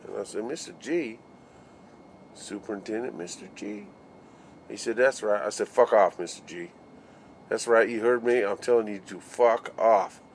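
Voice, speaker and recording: A man's voice: on the low side, steady tone, normal speed, a little hiss or hum. A man, a construction worker, telling a story to his video audience in a casual, laughing way, swearing freely and acting out the voices of the people he quotes.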